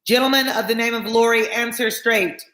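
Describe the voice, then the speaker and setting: A woman's voice: sits low, fairly even intonation, moderate pace, natural voice. Woman reading as a rider calling from the mist. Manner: calling out, insistent. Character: male rider calling from the misty road. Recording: echoey room.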